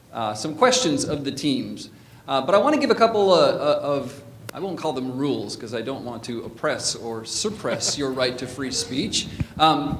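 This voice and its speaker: A man's voice: fairly high pitch, a little hiss or hum. A man moderating a public debate in a theatre, wry and joking as he sets out the rules. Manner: wry, joking, clear instructions. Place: theatre pub auditorium. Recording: echoey hall mic.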